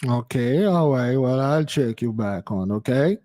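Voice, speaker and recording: A man hosts a spiritual channel in casual live commentary, calling his listeners beloved. His mid-range voice is mellow and animated, measured in pace, with a long reverb tail, and he tends to repeat himself, stammer and restart his words.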